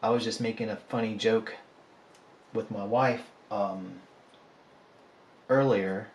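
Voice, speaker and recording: A man's voice: on the low side, steady tone, slow pace. A man, a polymer clay artist chatting casually and joking about himself while he sculpts. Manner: rambling, joking, self-deprecating. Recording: echoey room, faint ambience.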